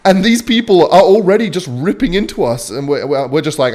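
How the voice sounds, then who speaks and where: A man's voice: fairly high pitch, expressive, a little fast. Young man, gaming streamer, storytelling while playing, swears a lot, rambling. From Western Australia. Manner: rambling, swears often, drops to quiet mutters for gameplay.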